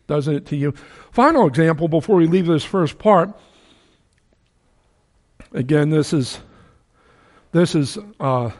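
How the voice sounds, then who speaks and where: A man's voice: on the high side, darkish tone. A man preaching a sermon in a folksy, joking way, acting out the people in his story with big swings in his voice.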